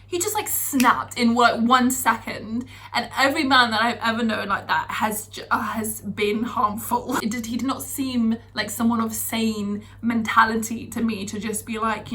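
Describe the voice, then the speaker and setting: Young British woman, vlogger, bright-toned, chatty storyteller, a bit high. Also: moderate pace. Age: young adult. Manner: chatty, animated, lots of fillers. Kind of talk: casual storytelling.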